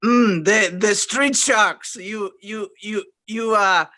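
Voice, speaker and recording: A man's voice: high voice, takes it slowly, sharp tone, full character voice. A man playing a rude, sarcastic shop clerk at a returns counter, in an improvised comedy scene over a video call. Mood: snide. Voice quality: insulting, sarcastic delivery.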